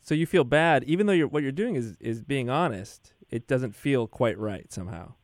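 A man's voice: mid-range voice, lively intonation, moderate pace, dry recording. A man co-hosting a radio advice show, chatting in a friendly way and asking follow-up questions. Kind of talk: casual chat.

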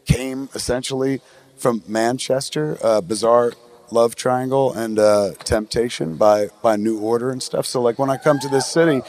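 A man's voice: mid-range voice, steady tone, normal speed, a little mellow. A middle-aged man from New Jersey, hosting a podcast live on a theatre stage and telling a long, profane story with acted-out quotes. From New Jersey, USA. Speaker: podcast host.

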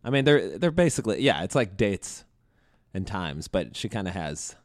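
Deep, lively man running trivia. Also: moderate pace, dry recording, clean studio sound. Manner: playful quizzing, lively ups and downs. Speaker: podcast co-host, trivia quizmaster. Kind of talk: casual chat with quiz questions.

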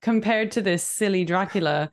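A woman's voice: medium pitch, moderate pace. A young woman co-hosting a casual movie podcast, easygoing and often laughing. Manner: easygoing, laughs often, short agreeing replies. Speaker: podcast co-host.

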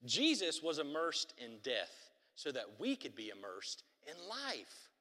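High, bright-voiced preaching pastor man. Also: wildly swooping pitch, measured pace, long reverb tail. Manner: earnest, building to emphatic repetition. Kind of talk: sermon. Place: church sanctuary.

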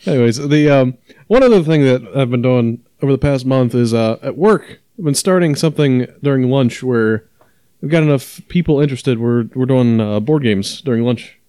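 A man's voice: medium pitch, expressive, moderate pace, mellow, clean tone, dry recording. A man co-hosting a podcast in casual chat, explaining things at length with many fillers and restarts. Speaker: podcast co-host.

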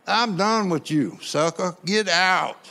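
A man voicing a big, loud churchwoman telling the devil off in a sassy drawl. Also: fairly low pitch, takes it slowly, full character voice. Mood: defiant.

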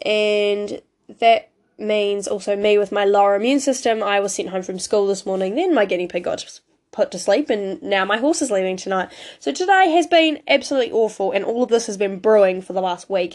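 A young woman talks through a casual solo podcast update. Her voice is worn and rough from a day of crying, and her speech rambles and stalls on ums and apologies. Her pitch sits in the middle range. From New Zealand. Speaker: podcast host.

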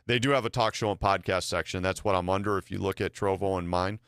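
A man's voice: low-pitched, fairly even intonation, fast talker, a bit bright, smooth, dry recording, studio quality. A man hosting a livestream, talking in a laid-back way with many fillers and reading out chat comments. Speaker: streamer host.

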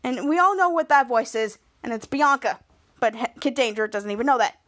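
A woman's voice: fairly high pitch, expressive, fairly quick, fairly bright tone. A woman podcast host casually retelling a TV episode, rambling with many restarts.

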